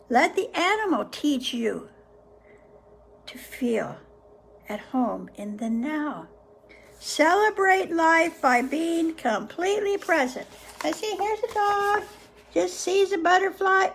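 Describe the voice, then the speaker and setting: A high-voiced woman reads a book aloud to her viewers at a slow, unhurried pace, stopping to muse gently on each passage. Her pitch rises and falls freely, and a faint hiss sits under her voice. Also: lively intonation. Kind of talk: reading aloud with casual reflections.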